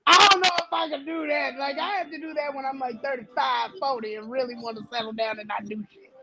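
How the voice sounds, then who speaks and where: Young female co-host, high voice, slangy drawl, crowd noise in the background. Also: fairly even intonation, quick pace, gravelly, rough recording. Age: young adult. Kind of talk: casual chat.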